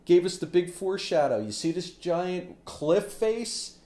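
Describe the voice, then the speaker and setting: A man chatting casually about movies as a podcast co-host, telling stories with lively acted-out reactions. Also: high voice, a little slow. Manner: animated storyteller, acts out reactions loudly. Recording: roomy echo.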